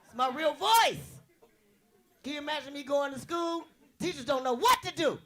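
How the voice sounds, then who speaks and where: A young woman from the US West Coast doing a brash, bawdy stand-up comedy routine with a big voice and loud punchlines. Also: high-pitched, expressive, normal speed.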